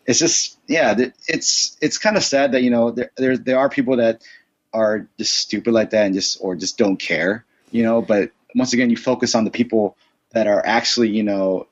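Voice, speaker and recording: A man's voice: mid-range voice, steady tone, moderate pace, husky, no echo. A young man in casual conversation who rambles with many fillers and talks bluntly, swearing freely. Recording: dull lo-fi dry sound.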